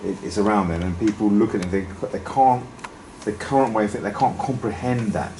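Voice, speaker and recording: A man's voice: on the low side, fast, a little mellow. Man, audience member, plain-spoken, wry, rambling, background noise. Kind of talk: casual group discussion. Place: meeting room. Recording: echoey room, noisy.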